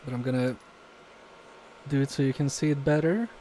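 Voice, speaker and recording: A man's voice: medium pitch, fairly even intonation, normal speed, dark tone, a little hiss or hum. A man from Poland, talking through a fiddly repair on a livestream with self-deprecating asides. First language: Polish. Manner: muttering asides while working, self-deprecating. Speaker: repair streamer. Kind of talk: live repair commentary.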